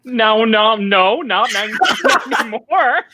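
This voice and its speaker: A man's voice: sits high, animated, takes it slowly, sharp tone. A man chatting as a guest on a video call, bubbly and self-mocking. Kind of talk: casual chat.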